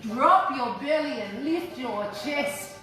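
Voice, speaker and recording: A woman's voice: high-pitched, expressive, slow, pushed and bright. A woman from Australia leading a children's yoga class, playful and encouraging, joining in with animal noises. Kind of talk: guided kids' yoga class. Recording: echoey room, distant mic, music behind.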